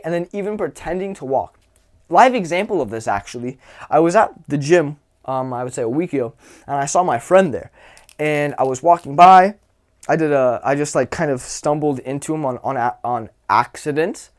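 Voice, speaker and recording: A young man with a somewhat high voice talks through dating advice in a relaxed, unscripted way. He swears freely and keeps slipping into quoted lines from his own stories. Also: fairly quick. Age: young adult. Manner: loose and profane, acts out anecdotes with quoted voices. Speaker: social skills coach. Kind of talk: casual advice monologue.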